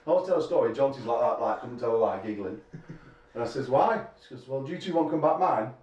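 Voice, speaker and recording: A man's voice: medium pitch, lively intonation, fast talker, darkish tone, highs cut off. A middle-aged man, an arm wrestling promoter bantering at a press conference, rambling and telling crude jokes with frequent laughter. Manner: rambling, crude joking storyteller who laughs often. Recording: echoey room from a distance.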